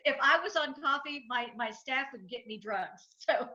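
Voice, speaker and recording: A middle-aged woman speaks as an interview guest, with a high, forceful, bright voice. She drives each point home by repeating it and acting out quotes. The sound is muffled and lo-fi. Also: expressive, moderate pace. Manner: emphatic, repetitive, storytelling with acted quotes. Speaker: guest, financial advisor and entrepreneur. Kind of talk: enthusiastic interview talk.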